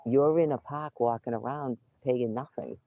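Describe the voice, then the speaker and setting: At a moderate pace and in a mid-range voice, a man streams live from an outdoor campsite. The audio sounds tinny, like a phone, as he talks casually, rants in indignation, and swears a lot.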